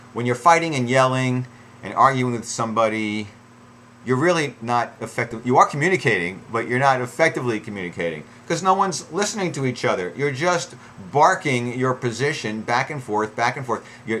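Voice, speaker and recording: A man's voice: medium pitch, bright, forceful tone, slight background noise. A middle-aged man giving relationship advice in an unscripted, conversational way, with many fillers and restarts and acted-out quotes.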